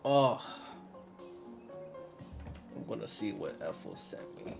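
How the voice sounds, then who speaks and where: A man's voice: fairly low pitch, expressive, slow pace, vocal fry. A man hosting a casual live stream, playful and self-mocking, laughing often. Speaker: streamer host. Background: background music.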